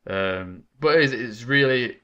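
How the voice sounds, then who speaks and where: A man hosting a casual gaming podcast, talking in an excitable, chatty, rambling way into a desk microphone. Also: medium pitch, takes it slowly, muffled recording. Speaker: podcast host.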